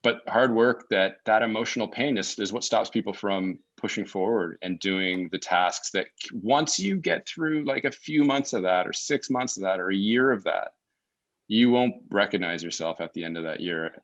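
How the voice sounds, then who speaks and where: Low-voiced male guest, reflective, talks in stops and restarts, muffled call audio. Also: moderate pace. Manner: reflective, searching for words with many restarts. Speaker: podcast guest. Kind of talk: casual conversational interview. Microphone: remote call mic.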